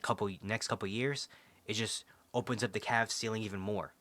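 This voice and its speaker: A man's voice: lowish voice, pushed and bright. A young man casually breaking down basketball clips for his vlog, enthusiastic and rambling, often restarting his sentences. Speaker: basketball vlogger.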